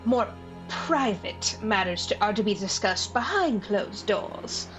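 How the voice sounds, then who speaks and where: A woman runs a tabletop game as game master. She narrates at a slow, unhurried pace and hesitates often. Quiet music plays in the background. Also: mid-range voice, lively intonation. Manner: slow, hesitant, full of fillers. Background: faint music.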